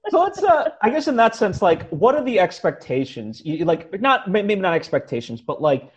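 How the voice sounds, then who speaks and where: A man's voice: high-pitched, sing-song, moderate pace, slightly rough, muffled recording. Hesitant, rambling male podcast host. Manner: rambling, hesitant, many fillers. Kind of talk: casual podcast chat.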